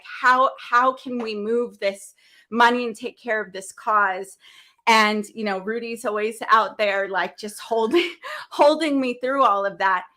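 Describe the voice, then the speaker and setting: A woman hosting a business event livestream, talking earnestly and with deep feeling, open about her faith, often starting sentences over. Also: sharp tone. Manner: earnest, heartfelt, faith-filled, rambling with restarts. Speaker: event host. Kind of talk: emotional livestream talk.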